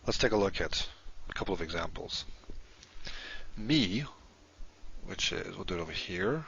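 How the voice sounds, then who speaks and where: A man's voice: low voice, expressive, normal speed, creaky, a bit bright, muffled recording. A man teaching a recorded lesson, explaining step by step and correcting himself as he goes.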